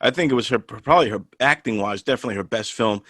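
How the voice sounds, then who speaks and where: A man co-hosting a podcast, agreeing with the host in casual, halting chat about a movie. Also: mid-range voice, a bit bright, no room sound, studio quality.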